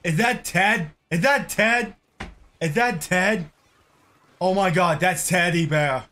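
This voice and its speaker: A man with a high, slow-paced voice who calls out over a game clip in a reaction video. He is loud and exclamatory, and he swears freely as he reacts. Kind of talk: excitable reaction commentary.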